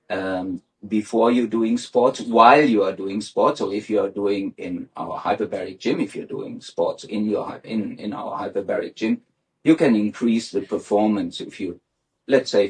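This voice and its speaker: A man with a lowish voice explaining things to an interviewer, walking through examples one step at a time. Faint noise hums under the recording. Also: darkish tone, rough recording. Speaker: guest.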